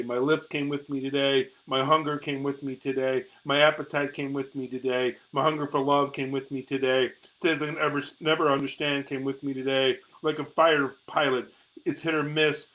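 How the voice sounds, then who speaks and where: A man's voice: mid-range voice, fairly bright tone, rough recording. A middle-aged man giving a live-streamed reading of his own poetry, with raw, intense delivery and free swearing, into a phone or webcam held close. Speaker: amateur poet and show host.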